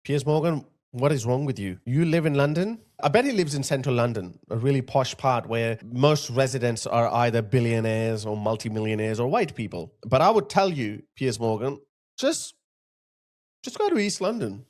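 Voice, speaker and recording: A man's voice: mid-range voice, moderate pace, few pauses, a little mellow. A man giving heated commentary over video clips, indignant and firing off repeated rhetorical questions. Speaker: online political commentator.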